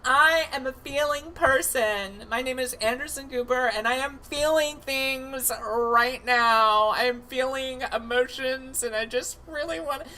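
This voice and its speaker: A man's voice: very high voice, unhurried, few pauses, sharp tone, voice pushed up, full character voice. A man impersonating an over-emotional male news anchor who keeps fighting back tears. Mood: earnest. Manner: tearful, breathless, melodramatic.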